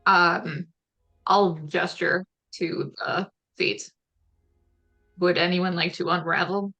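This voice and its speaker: A woman's voice: lowish voice, steady tone, slow pace, pushed and bright, faint music behind. A woman player in a tabletop game who speaks in terse, formal phrases. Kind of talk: casual tabletop play.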